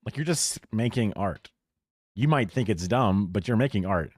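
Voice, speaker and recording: Low-voiced man ranting on a livestream. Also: animated, normal speed, husky, no room sound, clean studio sound. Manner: opinionated, profane rants mixed with chuckles. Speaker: livestream host. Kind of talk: casual live-stream reaction talk. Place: home streaming setup.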